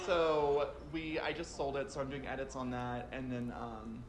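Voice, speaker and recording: An animated man chatting as a podcast guest, cursing freely and jumping into big mocking voices when he quotes others. His voice sits in the middle of the male range and carries a roomy echo, with faint noise underneath. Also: medium pitch, normal speed. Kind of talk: casual podcast chat.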